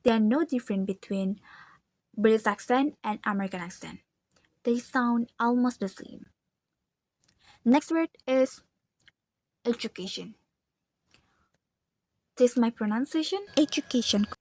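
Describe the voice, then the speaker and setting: A woman's voice: fairly high pitch, normal speed, pauses often, a little mellow, no echo. A young woman student with an Indonesian accent, whose first language is Indonesian. She reads a pronunciation analysis aloud carefully, repeating words to demonstrate their sounds.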